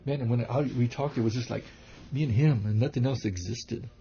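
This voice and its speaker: Low gravelly guy rambling through old stories real quick, muffled lo-fi sound. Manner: rambling, animated anecdotes with many restarts. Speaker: kung fu teacher and reverend. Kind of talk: casual interview storytelling. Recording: dull lo-fi recording.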